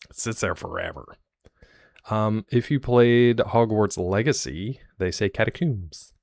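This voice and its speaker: Male streamer, deep voice, joking and rambling with chat, dry close mic. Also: unhurried, creaky, darkish tone, dry recording. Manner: chatty, jokey, rambling asides to chat. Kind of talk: live stream chat with viewers.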